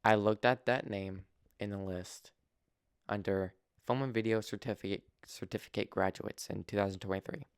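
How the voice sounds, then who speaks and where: A young man telling a personal story in a halting, earnest way, full of restarts and fillers. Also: lowish voice, fairly even intonation, clear, resonant tone, no echo, studio quality. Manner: earnest and open. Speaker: vlogger.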